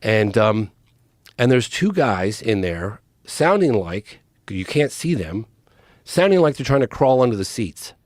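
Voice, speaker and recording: A man telling a story on a podcast in an excited, animated way, with quoted lines in his telling. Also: on the low side, a little slow, no room sound, clean studio sound. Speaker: podcast guest. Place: podcast studio. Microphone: studio mic, close.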